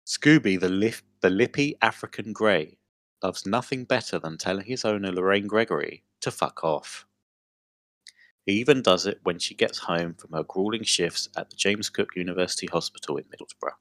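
Low-voiced man reading aloud, giggly. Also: normal speed, no room sound, studio quality. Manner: giggly, breaks into loud laughter while reading. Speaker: podcast co-host. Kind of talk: casual chat, reading a news story aloud.

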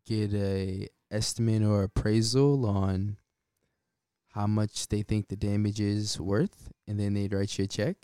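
A man's voice: on the low side, little pitch movement, measured pace, warm tone, clear, resonant tone, no room sound, clean studio sound. A man hosting his own podcast, talking casually and laid-back, often chuckling between points. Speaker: podcast host. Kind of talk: casual solo podcast talk.

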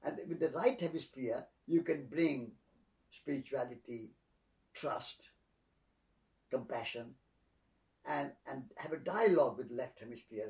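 A man speaking as a spiritual teacher, slow and soft-spoken, repeating phrases like a litany. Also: mid-range voice, far from the mic. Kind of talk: calm reflective teaching.

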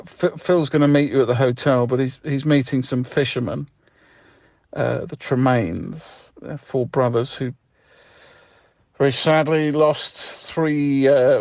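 A chatty man leaves an offhand voicemail, tripping over his own words as he restarts. His voice is middle pitched and close, with a dry sound and no room around it. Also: darkish tone, no echo. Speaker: friend arranging the job by voicemail. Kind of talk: deadpan comedy voicemail monologue.

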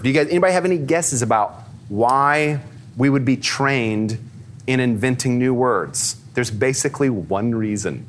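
A man giving a lively, conversational talk to a live audience, peppering his speech with fillers and questions for the crowd. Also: medium pitch, normal speed, slight background noise.

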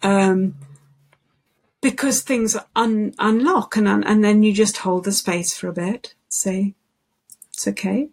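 A woman talks as an interview guest about her work with singers. Her voice has a gravelly, creaky texture and a medium pitch. She speaks thoughtfully and unhurriedly, restarting sentences as she tells her stories. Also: fairly even intonation, slow, darkish tone. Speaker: guest, singing voice specialist. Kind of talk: conversational interview.

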